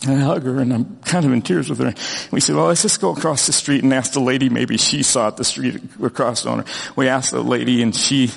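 A middle-aged man preaching a sermon, telling a personal story in an earnest, animated way with frequent restarts. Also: medium pitch, brisk, gravelly, long reverb tail. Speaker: pastor.

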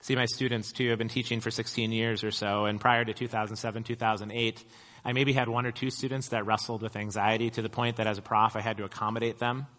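A man's voice: fairly low pitch, flat delivery, fast, a bit bright. A middle-aged man preaching a sermon, telling stories in a casual, conversational way with self-deprecating humor. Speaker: pastor. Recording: long hall reverb.

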